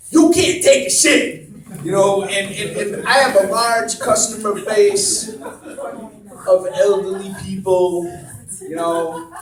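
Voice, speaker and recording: Rambling stand-up comic in a roomy club. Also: male voice, a little high. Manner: rambling, self-deprecating, many fillers. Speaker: stand-up comedian. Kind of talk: stand-up comedy set. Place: comedy club stage. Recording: roomy club sound from a distance, crowd laughter.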